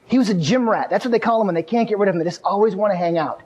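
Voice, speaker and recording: Keynote speaker, male, high voice, lively storyteller, hall reverb. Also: rapid-fire. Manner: energetic storytelling with asides to the audience. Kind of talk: live motivational keynote speech. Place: large venue before an audience.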